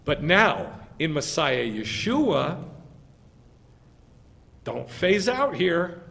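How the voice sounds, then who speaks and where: A man's voice: a little high, sing-song, extremely slow, creaky, a bit bright. A male rabbi preaching a sermon with emphatic delivery and rhetorical questions to his congregation.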